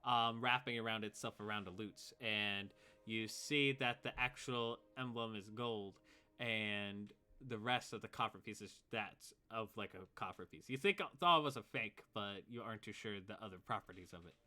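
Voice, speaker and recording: A man narrating as game master in a tabletop game, relaxed and loose with many fillers. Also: lowish voice, moderate pace.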